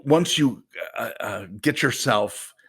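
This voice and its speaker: A man's voice: mid-range voice, lively intonation, slow, creaky, a bit bright, breathy edge. A man co-hosting a casual podcast, rambling through his points and laughing and teasing often. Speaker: podcast co-host.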